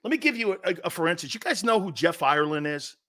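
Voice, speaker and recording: A middle-aged man hosting casual sports talk, lecturing with lots of rhetorical questions and an animated delivery. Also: sits high, quick pace.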